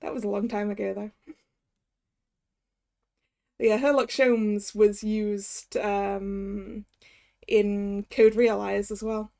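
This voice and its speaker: A woman's voice: mid-range voice, flat delivery, slow, creaky, pauses often, mellow. A woman streamer chatting casually over a video game, self-deprecating and laughing easily.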